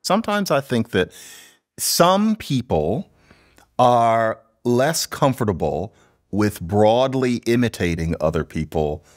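A man speaking as a linguist guest in a conversational interview, explaining in a lively, professorial way. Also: mid-range voice, slow pace. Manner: lively, professorial, imitates accents playfully.

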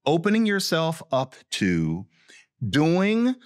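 Man, linguist guest, podcast interview, very lively intonation, dry close recording. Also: takes it slowly, no room sound. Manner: animated explainer with big pitch swings.

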